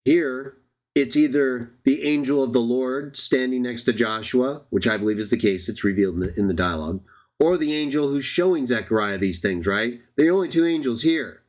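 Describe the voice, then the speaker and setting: A man's voice: mid-range voice, expressive, moderate pace, darkish tone. Male Bible teacher on a live stream, mid-range voice, argues his case with pointed questions to the audience. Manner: argumentative, addresses viewers as everybody, rhetorical questions. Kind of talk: live Bible study lecture.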